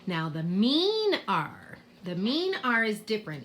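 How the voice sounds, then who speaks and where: A woman's voice: medium pitch, lively intonation, takes it slowly, a bit bright, slight background noise. A middle-aged woman teacher with a Boston accent, explaining spelling rules to parents in a home video lesson, patiently sounding out letters. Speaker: kindergarten teacher.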